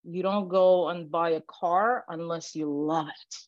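A woman who works as a matchmaker and dating coach gives casual advice on a podcast, chatty and animated, acting out sample lines and often asking "right?" Her voice is fairly low and a little slow, and the lo-fi recording has no room sound.

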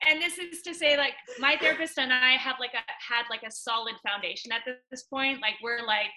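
A young woman on a podcast telling a personal story in a chatty way, full of "like" and loud acted-out quotes. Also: high voice, steady tone, a little fast, poor audio. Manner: chatty, many "like" fillers, acts out quotes loudly. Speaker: podcast guest.

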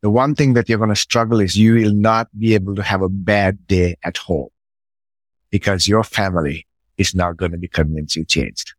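A middle-aged man, a podcast guest, telling a personal story in a relaxed conversational way and acting out his own side of past conversations. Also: sits low, normal speed, no room sound.

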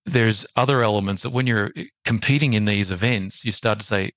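A man with an Australian accent, a podcast guest telling a story in a measured, reflective way. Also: on the low side, fairly bright tone, no echo, muffled recording. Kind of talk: conversational storytelling.

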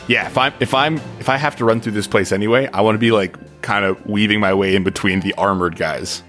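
A man playing a tabletop game, excitable and goofy, breaking into laughs and loud exclamations. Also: fairly low pitch, quick pace, soft background music. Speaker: player.

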